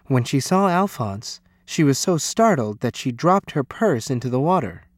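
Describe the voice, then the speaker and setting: Expressive man reading a children's story. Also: mid-range voice, moderate pace, no room sound, clean studio sound. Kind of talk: children's storybook read-aloud.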